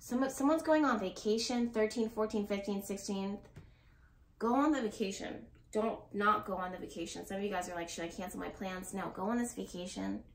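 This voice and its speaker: A woman's voice: medium pitch, brisk, a little hiss or hum. A woman giving a casual tarot reading to her viewers. She talks in a rambling, blunt way, swears now and then, and laughs nervously. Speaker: tarot reader. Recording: roomy echo.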